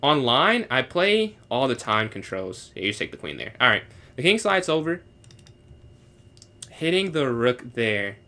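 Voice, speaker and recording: A young man solving chess puzzles live, thinking aloud and answering chat, sometimes trying out halting beginner French. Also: mid-range voice, very animated, pushed and bright. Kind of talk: casual live-stream commentary.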